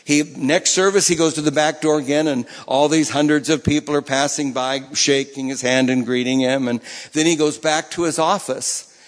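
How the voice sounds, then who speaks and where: A man's voice: fairly high pitch, steady tone, normal speed, big-room sound. A man preaching a sermon in a conversational way, often repeating and restarting his phrases. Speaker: pastor.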